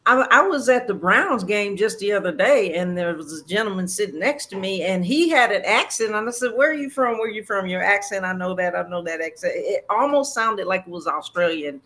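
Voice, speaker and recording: Bright, animated superfan guest. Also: medium pitch, a little fast, hardly any pauses. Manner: animated storyteller who acts out quotes. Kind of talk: casual interview chat.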